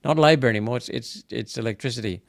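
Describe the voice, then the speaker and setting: Quick-paced and creaky, the mid-range voice belongs to an Australian senator hosting a live political wrap-up. He speaks casually, repeating himself as he grows indignant and rises to emphatic outbursts. The recording is dry and studio quality.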